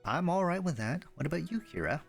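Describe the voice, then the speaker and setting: A poised young woman idol, voiced by a man reading along. She speaks calmly and in measured phrases, thoughtful rather than showy. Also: on the high side, gravelly, soft background music, voice pushed up.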